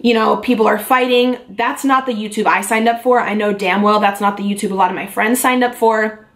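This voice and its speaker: A woman's voice: medium pitch, fairly even intonation, fairly quick. A young adult woman, a beauty vlogger, talking to camera in an earnest, confiding way, with frequent ums and likes. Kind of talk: candid talking-head vlog.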